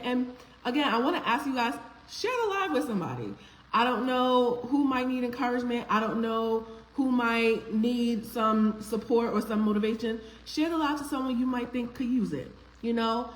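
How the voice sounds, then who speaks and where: A woman hosting a live stream, chatting casually, greeting viewers one by one by name in an affectionate, upbeat way. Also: fairly high pitch. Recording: echoey room with faint background noise.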